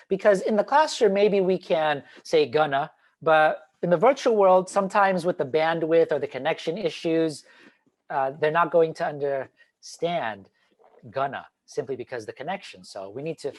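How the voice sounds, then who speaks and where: A man giving an online talk on teaching, animated and demonstrative, swinging between loud and quiet. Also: fairly high pitch, normal speed. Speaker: teacher trainer. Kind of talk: online presentation. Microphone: video call.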